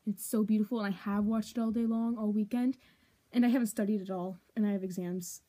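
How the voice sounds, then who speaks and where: A woman's voice: mid-range voice, steady tone, quick pace, dark tone. A young woman vlogging to her camera in a dramatic, gushing way, swinging between whiny outbursts and whispers. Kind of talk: casual confessional vlog.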